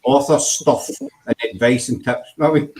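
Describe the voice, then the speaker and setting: A man's voice: medium pitch, fairly even intonation, normal speed, a little mellow, poor audio. A Scottish man hosting a casual live show, joking about himself and laughing often. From Scotland. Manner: jokey, self-mocking, laughs often. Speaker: host.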